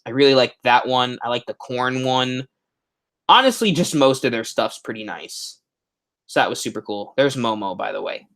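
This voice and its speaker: A man's voice: mid-range voice, lively intonation, normal speed, a bit bright. A young man hosting a live stream, chatting enthusiastically and a bit ramblingly about expo footage, often correcting himself mid-sentence. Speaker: horror haunt channel host.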